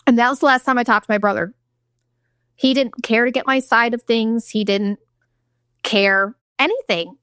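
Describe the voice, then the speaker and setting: A woman's voice: fairly high pitch, moderate pace, pauses often, a bit bright, clean tone, dry recording, studio quality. A woman in her thirties hosting her own show, telling a personal story bluntly, with profanity and acted-out quotes. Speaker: podcast host. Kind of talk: candid storytelling monologue.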